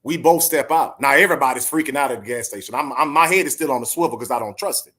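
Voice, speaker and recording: A podcast co-host in his forties shares a personal story in casual chat, speaking earnestly and directly to his listeners. His mid-range voice is quick, fairly bright, and has a breathy edge.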